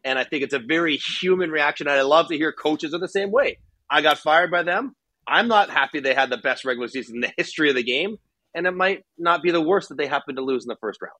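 A man's voice: a little high, lively intonation, fast talker, pushed and bright, no echo. A man who used to play professionally, talking hockey candidly and casually on a podcast, thinking aloud with a few fillers. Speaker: hockey analyst, former player. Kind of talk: casual sports podcast chat.

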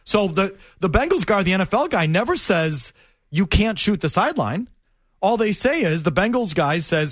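A middle-aged man on a sports talk show drives his argument home again and again. His voice sits high and moves in wide swings. The sound is close and dry. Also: very animated, normal speed, fairly bright tone, no echo. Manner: emphatic, repetitive, argumentative.

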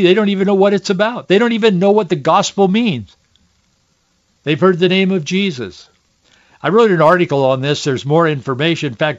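A man's voice: a little high, dull audio. An older man hosting a faith and politics talk show, speaking earnestly and with emotion. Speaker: radio show host.

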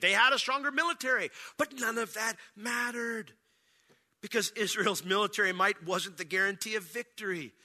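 A man preaching a sermon, reading scripture aloud and breaking into dramatic shouted lines. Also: high voice. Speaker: pastor. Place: church sanctuary.

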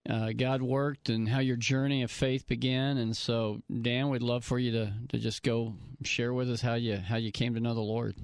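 A man who is a pastor and co-hosts a radio show, asking questions gently. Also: mid-range voice, little pitch movement, normal speed, hardly any pauses, clean tone, no room sound. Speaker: pastor and co-host. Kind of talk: radio interview.

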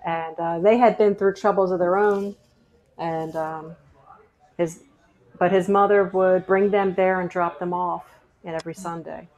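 A woman's voice: on the low side, a little slow, muffled recording. Chatty middle-aged woman telling her story. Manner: chatty, animated retelling with quoted dialogue. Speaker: guest sharing her testimony. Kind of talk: conversational storytelling.

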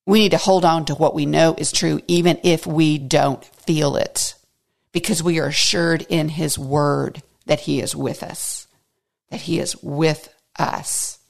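A woman's voice: deep voice, steady tone, a little slow, creaky, a little mellow. A woman teaching a devotional Bible study, earnest and intimate, sometimes dropping to a near whisper for emphasis.

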